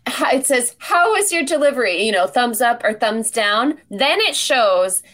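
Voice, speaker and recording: A woman's voice: on the high side, measured pace. A woman hosting a podcast in casual chat, telling a story with lots of laughter. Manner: animated, laughs often while telling a story. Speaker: podcast host.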